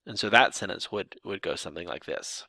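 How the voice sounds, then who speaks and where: A man teaches sign language grammar, walking through examples step by step in a lively, explanatory way and restarting now and then. His low, gravelly voice moves fairly quickly, and the recording is dry.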